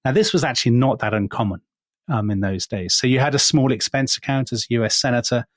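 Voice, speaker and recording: A man's voice: medium pitch, quick pace, no room sound. A middle-aged man co-hosting a history podcast, telling stories in a wry, teasing way. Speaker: podcast co-host.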